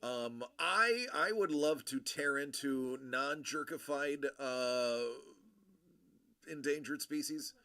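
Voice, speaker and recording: A man hosting a livestream, chatting casually with viewers in a rambling, friendly way full of fillers and shout-outs. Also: mid-range voice, takes it slowly. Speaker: livestream host.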